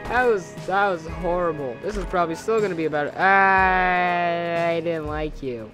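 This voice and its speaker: A man's voice: a little high, moderate pace, over music. A young man hosting a casual let's-play, rambling, correcting himself, humming and joking to himself as he plays. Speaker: gaming channel host.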